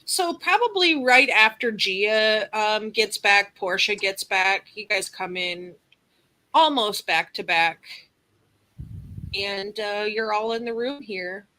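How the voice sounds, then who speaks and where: A woman's voice: mid-range voice, takes it slowly, bright, forceful tone, rough recording. A woman game master narrating a tabletop role-playing session in an easygoing, encouraging way.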